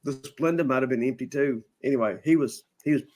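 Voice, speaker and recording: A man's voice: medium pitch, a little fast. A man hosting a podcast, casually telling a long funny story and mimicking the people in it. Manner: animated anecdote teller, mimics people he quotes. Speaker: podcast host.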